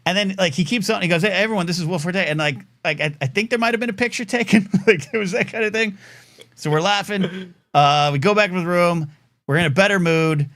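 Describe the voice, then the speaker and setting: A middle-aged man hosting a live talk show talks fairly quickly in a high voice. In his casual storytelling monologue he rambles at length, restarting and using fillers often, and animatedly acts out the people he quotes.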